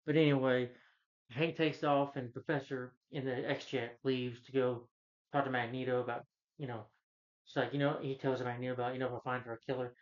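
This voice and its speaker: Male film reviewer, casual rambling rant, fillers and exasperation, average pitch, muffled lo-fi sound. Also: level tone, normal speed. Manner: rambling, full of "you know" fillers, exasperated.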